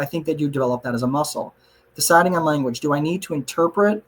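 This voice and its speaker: A man with a slightly high voice leads a live online class. He talks loosely and conversationally, tosses in "look" and "right?" and pokes fun at himself, answering questions from the chat. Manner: conversational, frequent "look" and "right?" asides, self-joking. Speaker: class presenter.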